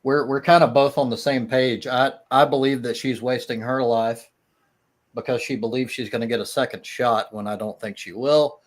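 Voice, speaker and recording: A man in a casual online debate, speaking at an ordinary middle pitch. He stumbles and restarts often, but keeps pressing his point with steady conviction. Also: moderate pace. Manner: hesitant, many restarts and fillers, laughs at the idea of souls. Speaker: atheist guest in a live-stream debate.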